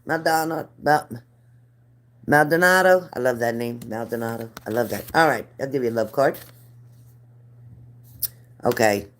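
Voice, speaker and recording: A woman's voice: rumbling low, moderate pace, long pauses. A middle-aged woman reading spirit cards live for viewers, chatty and earnest, repeating their names. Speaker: card reader.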